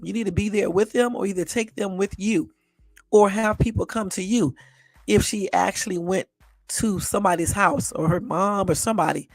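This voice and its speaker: Exasperated gravelly woman ranting on a live. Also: medium pitch, no room sound. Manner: exasperated, blunt and repetitive, casual swearing. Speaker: channel host. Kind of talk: casual live commentary on news clips.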